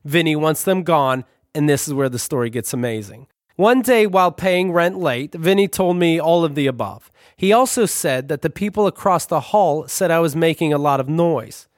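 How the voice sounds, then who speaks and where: A man's voice: on the high side, lively intonation, moderate pace, dry recording, clean studio sound. Wry man reading a memoir. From Brooklyn, New York. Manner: wry, profane, conversational. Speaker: narrator. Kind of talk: memoir narration.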